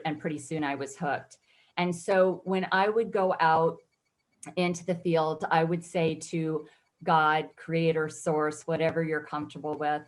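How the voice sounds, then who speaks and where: Low-voiced earnest woman telling her story. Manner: reflective, earnest, emotional at times. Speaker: guest photographer. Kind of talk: personal interview storytelling.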